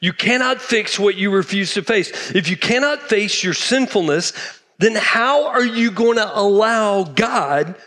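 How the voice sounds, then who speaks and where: A man's voice: very high voice, pushed and bright. A middle-aged man from Texas, preaching a sermon emphatically and repeating key phrases. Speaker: pastor.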